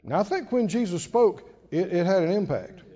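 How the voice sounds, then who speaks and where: A man preaches in a high, sweeping voice that rises and falls dramatically and calls on the congregation to answer him. His words ring with a long church reverb. The sound is dull and muffled. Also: animated, moderate pace, dark tone. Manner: dramatic, call-and-response preaching. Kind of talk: sermon.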